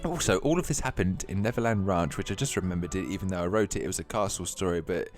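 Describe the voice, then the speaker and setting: A man's voice: deep voice, quick pace, faint music behind. A man hosting a radio show, reading a silly story aloud and breaking off into laughter. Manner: giggly, self-interrupting, breaks off into laughter. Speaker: radio host.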